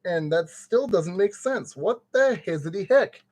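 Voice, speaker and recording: A streamer builds a kit on a casual live stream, talking slowly in a high-pitched, expressive, slightly mellow voice. Sweating in the summer heat, he mutters to himself playfully and throws out goofy made-up exclamations.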